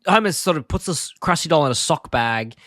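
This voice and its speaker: A man's voice: on the high side, lively intonation, brisk, a bit bright, dry recording, clean studio sound. A man co-hosting a podcast, casually retelling a cartoon episode scene by scene, quoting lines and laughing often. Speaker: podcast co-host. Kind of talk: casual chat recapping an episode.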